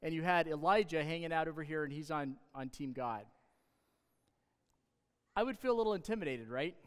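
A man preaching a sermon, reading scripture aloud and breaking off into sarcastic, animated asides that rise to loud emphasis. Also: fairly high pitch, brisk, smooth. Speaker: pastor. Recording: reverberant hall.

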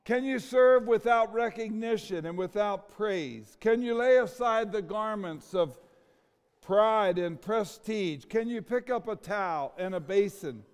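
A middle-aged male pastor delivers a slow, deliberate sermon, full of rhetorical questions and heartfelt pauses. His voice sits high for a man and comes through smooth and resonant. The sound rings with the long reverb of a large sanctuary. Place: church sanctuary.

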